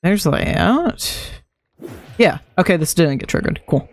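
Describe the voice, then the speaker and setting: A streamer talks through a game in a slow, unhurried way, thinking aloud and muttering to themself. The voice sits at a middling pitch, and the commentary is loose and casual. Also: very animated, slight background noise.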